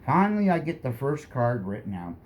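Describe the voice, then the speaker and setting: A man telling a comic personal story with animated delivery, often tacking "like that" onto his lines. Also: medium pitch, a little fast. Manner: animated, full of "like that" asides.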